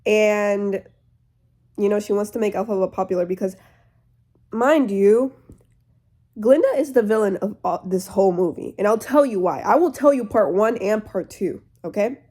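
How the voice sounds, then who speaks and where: Chatty teen girl, mellow voice. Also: mid-range voice, moderate pace. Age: teens. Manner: rambling, filler-heavy, chatty. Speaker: vlogger. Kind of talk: casual storytime retelling.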